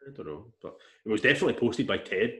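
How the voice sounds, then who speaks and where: A man telling a long story in casual chat, rambling and animated, with restarts and swearing. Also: lowish voice, rapid-fire. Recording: echoey room.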